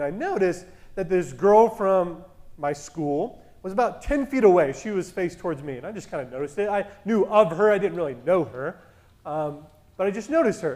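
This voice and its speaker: A man in his thirties casually telling a story as a podcast co-host, animated and acting out the dialogue in a loud voice that carries. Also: high-pitched. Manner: animated, acts out quoted dialogue.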